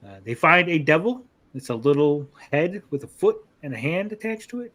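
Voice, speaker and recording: A man's voice: a little high, animated, fairly quick, few pauses, fairly bright tone. A man co-hosting an anime podcast, casually recapping episodes in a rambling, profane way and acting out characters' lines.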